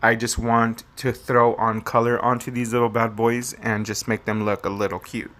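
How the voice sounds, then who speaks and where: A man's voice: mid-range voice, little pitch movement, moderate pace, a bit bright. A man hosting a papercraft tutorial, talking casually and rambling as he explains each step. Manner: chatty, rambling, fond of pet phrases. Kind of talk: casual step-by-step craft demo.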